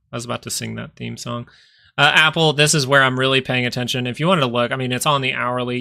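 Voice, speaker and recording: A man's voice: medium pitch, vocal fry, sharp tone. A man hosting a live stock market stream, talking casually and rambling as he thinks aloud over charts. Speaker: stock market livestream host.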